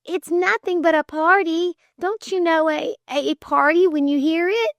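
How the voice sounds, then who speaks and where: A woman voicing a spirited, playful young woman with a clear soprano voice and an excited, coy way of talking. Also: extremely high pitch, unhurried, dry recording, dull audio, voice pushed up, exaggerated voice.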